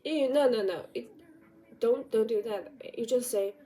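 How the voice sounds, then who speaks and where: High-voiced woman giving blunt advice. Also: measured pace, mellow. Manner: direct, repetitive, rhetorical questions. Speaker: vlogger giving life advice. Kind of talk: motivational talk to camera.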